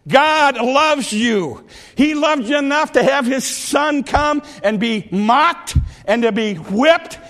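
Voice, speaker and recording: Male preacher, very high-pitched, fervent repetitive sermon delivery with bursts of shouting. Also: creaky.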